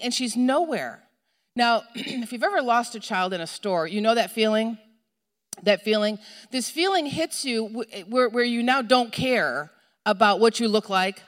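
A middle-aged woman delivers a sermon with animated storytelling and a fairly high voice. Her words ring out with a long reverb tail, as in a large hall. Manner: animated storytelling, acts out shouting for a lost child. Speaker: preacher.

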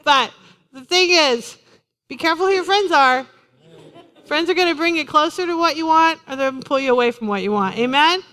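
A woman pastor preaching a sermon to her congregation in a lively, conversational way, joking with them as she goes. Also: high voice, fairly quick. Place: church in front of a congregation.

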